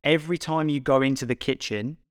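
A man's voice: medium pitch, a little fast, dry recording, clean studio sound. A male fitness coach co-hosting a casual podcast, explaining points steadily and posing rhetorical questions.

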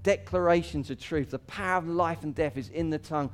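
This pastor's sermon moves at a fairly quick pace with a clean tone. He talks casually, laughs between points, lifts his voice for quoted cries, and drops it low and quiet for scripture.

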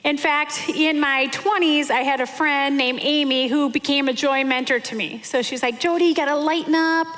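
A woman's voice: high-pitched, steady tone, moderate pace, few pauses, a bit bright. A woman in her forties giving a sermon, telling stories in a chatty, self-deprecating way with many fillers. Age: 40s. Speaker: pastor's wife preaching. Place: church hall. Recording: long hall reverb.

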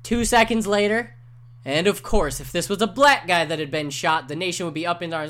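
A man's voice: high voice, fairly quick, bright, forceful tone. Male podcast co-host, 20s, rambling storyteller, casual and profane, lots of fillers. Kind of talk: casual chat.

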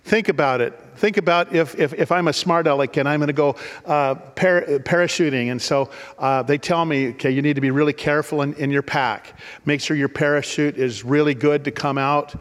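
A man's voice: fairly high pitch, fairly quick, big-room sound. A man preaching a sermon in an earnest storytelling manner, often repeating words as he restarts. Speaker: pastor.

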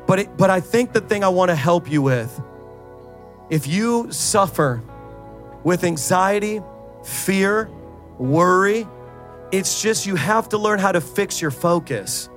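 A man's voice: high voice, lively intonation, takes it slowly, pauses often, a bit bright, soft background music. A middle-aged male pastor preaching a sermon, rising into fervent, sing-song prayer and exhorting the congregation with repeated calls.

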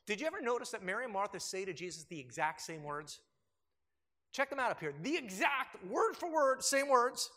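A male pastor preaching a sermon, swinging from loud emphasis to hushed, slow lines. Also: sits high, very animated.

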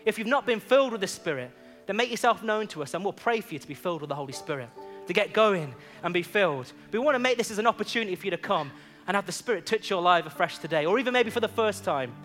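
A man's voice: sits high, expressive, fast talker, few pauses, fairly bright tone, soft background music. A man preaching a sermon, telling a personal story and then urging the congregation on with rising fervor. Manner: storytelling that builds into fervent exhortation.

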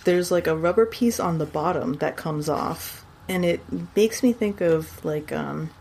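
Relaxed woman from Texas, casual call, lowish voice, light hiss. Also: measured pace, vocal fry. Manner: laughs easily, amused. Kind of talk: casual chat. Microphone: remote call.

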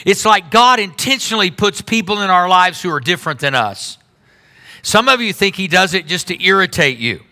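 A middle-aged man delivers a sermon in a loose, talky way. His voice sits high and very bright, with an edge. He swings from hushed, low asides to sudden loud, lifted lines. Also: lively intonation, moderate pace. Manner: conversational preaching with sudden drops and rises in volume. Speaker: pastor.

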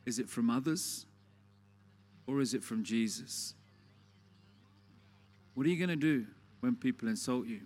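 Male preacher, chatty storytelling sermon, mid-pitched, keeps asking the congregation questions. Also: measured pace, long pauses, a little mellow. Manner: conversational storytelling with rhetorical questions.

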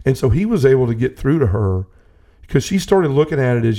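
A man's voice: mid-range voice, very animated, fairly quick, warm tone. A man telling a personal faith story in casual conversation, earnest and rambling with many restarts. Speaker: podcast host. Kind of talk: personal testimony in casual talk.

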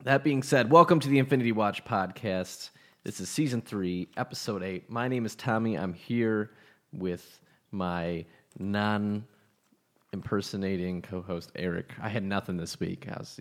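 Low-voiced laid-back male podcast host. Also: fairly even intonation, moderate pace. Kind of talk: casual chat.

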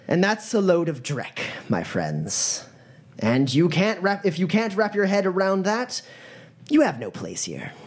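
A game master voicing a masked, ruthless male gang leader who preaches slow, sermon-like menace to recruits. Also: medium pitch, husky, voice pushed up, heavily acted.

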